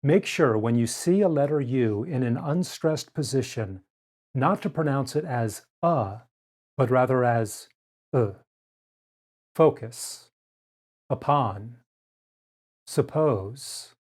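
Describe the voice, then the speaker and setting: Man, pronunciation teacher, scripted lesson narration, very slow, carefully articulated. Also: medium pitch, lively intonation, a little mellow.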